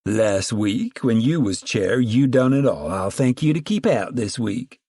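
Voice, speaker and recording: A man's voice: mid-range voice, lively intonation, unhurried, warm tone, no echo, studio quality. A man voicing a stern middle-aged woman who chairs a camp committee, talking in a bossy rural drawl.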